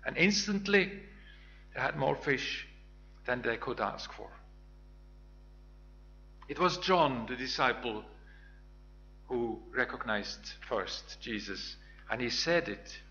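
A man's voice: medium pitch, takes it slowly, pauses often, pushed and bright, lo-fi sound. A man giving a Bible teaching sermon, retelling scripture in a reflective storytelling way with small restarts. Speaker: preacher.

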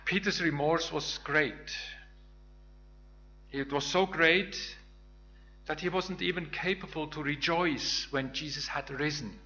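A man's voice: fairly high pitch, takes it slowly, bright, forceful tone, muffled recording. A man giving a Bible teaching sermon, retelling scripture in a reflective storytelling way with small restarts. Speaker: preacher.

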